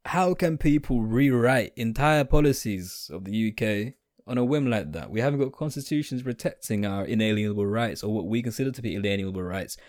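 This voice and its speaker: A man's voice: lowish voice, expressive, fairly quick, a little mellow, no echo, studio quality. A young British man giving a blunt, sarcastic, rambling opinion monologue. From United Kingdom.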